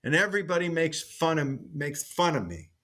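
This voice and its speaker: A man's voice: a little high, big pitch swings, normal speed, fairly bright tone. A man voicing a little boy with a lisp who complains he is mocked. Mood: plaintive.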